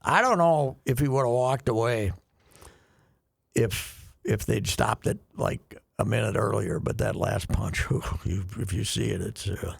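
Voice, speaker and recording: Speaking low and unhurried, an older man with a gravelly, husky voice spins a rambling tale on the radio, chuckling along the way. As a show regular in casual conversation, he restarts himself frequently.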